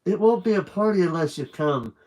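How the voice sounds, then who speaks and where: Eager earnest little girl in a read-aloud, voiced by a male reader, pitched up. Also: lively intonation, a little fast, a little mellow, rough recording. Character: ten-year-old girl, eager and earnest.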